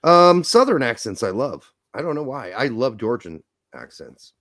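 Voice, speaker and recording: A loud Midwestern man rambling through a casual podcast chat, swearing as he goes. His pitch swings all over the place, from low mutters up to high exclamations. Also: big pitch swings, normal speed, dry recording, clean studio sound. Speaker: podcast co-host.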